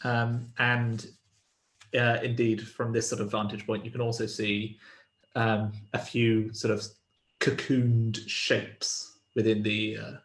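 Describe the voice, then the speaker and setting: A man running a tabletop game as game master, describing the scene in a measured way. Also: fairly low pitch, level tone. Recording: roomy echo.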